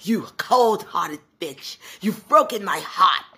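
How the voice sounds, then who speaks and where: A woman's voice: on the low side, lively intonation, takes it slowly, bright, forceful tone, husky, heavily acted. A woman mimicking a bitter, jilted older man ranting at his ex in a mocking, spiteful way.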